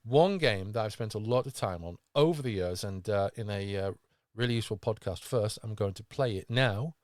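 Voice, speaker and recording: A man hosts a casual podcast in a somewhat low voice, recorded dry and close. He rambles happily, circling back with fillers and restarts. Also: moderate pace, dry recording. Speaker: podcast host.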